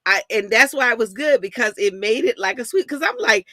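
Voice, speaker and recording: A woman's voice: on the high side, sing-song, fairly quick, pushed and bright. A woman co-hosting a casual talk show, playful and teasing, laughing often as she chats. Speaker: co-host. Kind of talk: casual chat.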